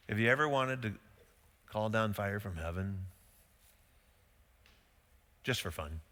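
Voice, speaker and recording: A middle-aged male pastor preaching in a loose, conversational way, firing off rhetorical questions and slipping into quick quoted voices. His tone is very bright and forward. The sound rings out with a long reverb, as in a large church sanctuary. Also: on the low side. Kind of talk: sermon.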